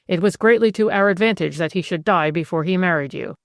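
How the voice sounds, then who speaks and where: A woman narrator voicing a cool, calculating woman conspirator who talks with composure and jumps to sharp, bright rises. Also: lowish voice, brisk, no echo, studio quality, lightly acted. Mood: anxious.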